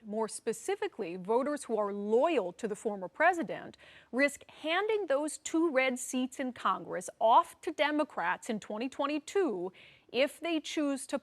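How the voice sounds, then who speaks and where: A woman hosting a political news program, presenting in a brisk, conversational way with wry asides. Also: on the high side. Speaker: news show host.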